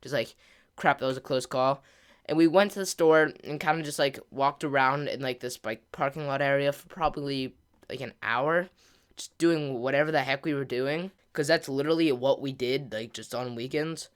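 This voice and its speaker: A male gaming host tells a casual storytime over gameplay in a smooth, clear voice at a middle pitch. His telling rambles, thick with filler words and mild slang. He grows louder and more worked up as the tale goes on. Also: moderate pace.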